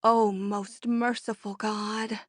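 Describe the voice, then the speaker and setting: A woman reading an audiobook, voicing a timid, frightened society matron who speaks slowly and faintly. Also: mid-range voice, flat delivery, no room sound, studio quality. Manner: slow, faint and shaky. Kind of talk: audiobook character voice.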